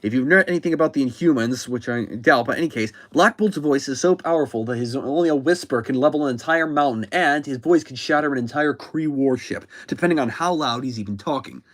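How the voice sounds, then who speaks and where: A man's voice: mid-range voice, a little fast, few pauses, no room sound. A man casually recapping a comic book, rambling and often correcting himself mid-sentence. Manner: rambling, self-correcting, chatty.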